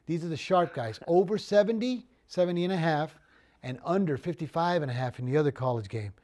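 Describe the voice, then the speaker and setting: Male sports talk host, high-pitched, casual and repetitive, studio. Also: brisk, darkish tone. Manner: chatty, repeats words as he talks. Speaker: sports betting show host.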